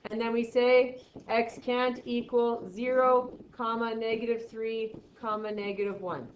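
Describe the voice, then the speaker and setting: A woman's voice: a little high, flat delivery, a little slow, a little hiss or hum. A woman teaching a math class, explaining steps aloud with playful, sarcastic asides to her students. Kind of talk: classroom lecture. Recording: echoey, distant, dull classroom audio.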